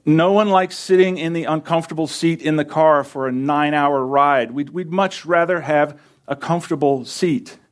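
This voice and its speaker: A man preaches earnestly from a church stage under lights, speaking at normal speed with few pauses in a slightly high voice. He's a pastor who hammers home his points through repetition.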